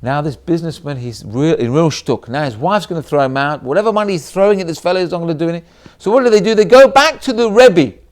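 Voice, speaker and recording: High-voiced, animated rabbi telling a story. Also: male voice. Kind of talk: storytelling sermon.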